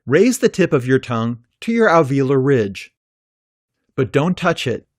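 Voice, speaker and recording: Male narrator for a pronunciation lesson: slow and deliberate, holds out example sounds, dry close-mic read. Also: mid-range voice, very animated, dry recording. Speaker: pronunciation teacher. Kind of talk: scripted instructional narration.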